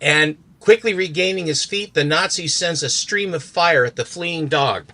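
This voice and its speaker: A man's voice: fairly high pitch, moderate pace, bright, forceful tone. A man in a podcast chat retelling a comic book story, reading out its characters' lines. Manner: acts out characters with accents while retelling. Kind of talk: animated storytelling, reading out dialogue.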